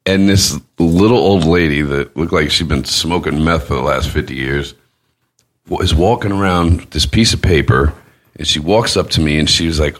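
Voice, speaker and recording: Deep-voiced husky man telling stories. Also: moderate pace. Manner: profane, animated, mocking quoted voices. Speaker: podcast host. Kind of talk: crude casual storytelling.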